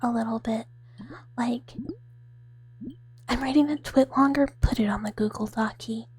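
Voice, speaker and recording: Woman streamer whispering, whispered role-play, airy breathy voice, a bit high, giggly and chatty. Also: steady tone, moderate pace. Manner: soft whispering, giggly chat with viewers. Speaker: ASMR streamer.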